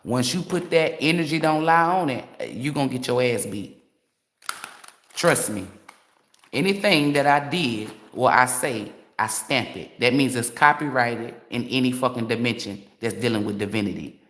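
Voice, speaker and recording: A woman's voice: a bass voice, normal speed, fairly bright tone. Blunt, profane woman tarot reader ranting. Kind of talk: livestream rant.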